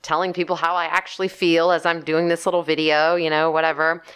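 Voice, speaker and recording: Lively woman telling a story, lowish voice. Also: fairly quick, clean tone. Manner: animated storytelling, often acting out her own reactions. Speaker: podcast co-host and gardener. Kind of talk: casual chat.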